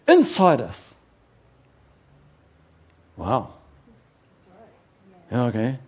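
A preacher with a somewhat high, husky voice delivers a sermon in a chatty, animated way. He swings between loud outbursts and quiet asides and jokes at his own expense as he goes. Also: extremely slow, long pauses. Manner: chatty, self-mocking and joking.

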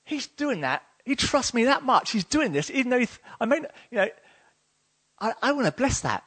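A man's voice: extremely high pitch, big pitch swings, moderate pace, a bit bright, slightly rough, voice pushed up, heavily acted. A preacher putting on the voice of God, a fond and eager fatherly figure. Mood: delighted. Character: God, a delighted fatherly divine voice.

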